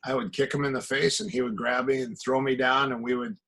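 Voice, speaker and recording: Speaking briskly with a flat delivery, this middle-aged martial arts coach from the American Midwest casually recounts stories on a podcast, performing the back-and-forth of quoted conversations. His voice is mid-range and a bit bright, captured in poor audio.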